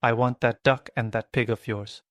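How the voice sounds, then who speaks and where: A man voicing a boastful, blustering male pirate captain who shouts and gloats. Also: mid-range voice, steady tone, moderate pace, dry recording, studio quality, lightly acted. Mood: gloating.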